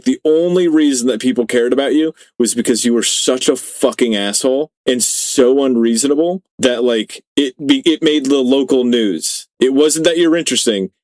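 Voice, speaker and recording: A man's voice: medium pitch, a little mellow, no echo. A man co-hosts a podcast in casual, profane chat. He rambles and hesitates, sprinkling fillers and swearing freely. His mid-range voice sounds close and dry. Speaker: podcast co-host.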